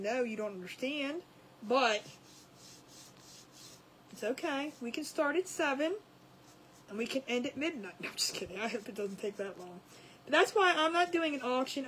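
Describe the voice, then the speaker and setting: Chatty high-voiced woman streamer. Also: sharp tone, slight background noise, poor audio. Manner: rambling and chatty, greets viewers by name. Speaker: craft livestream host. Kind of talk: casual live-stream chat.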